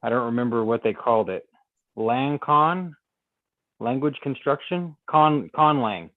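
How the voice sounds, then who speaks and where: An easygoing male co-host chats and laughs on a podcast. His voice sits in a middle pitch, and it sounds dry and close with no room echo. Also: expressive, a little slow, phone-quality sound. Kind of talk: casual chat.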